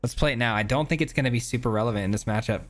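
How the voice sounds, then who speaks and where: A man's voice: medium pitch, rapid-fire, slight background noise. A man giving casual, chatty commentary on his own gameplay, thinking aloud with many filler words. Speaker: gaming YouTuber.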